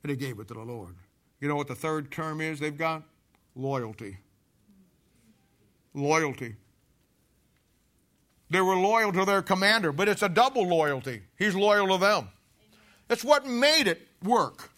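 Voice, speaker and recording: A man preaching a sermon, telling a Bible story in a folksy, animated way with casual army slang. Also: high-pitched, normal speed.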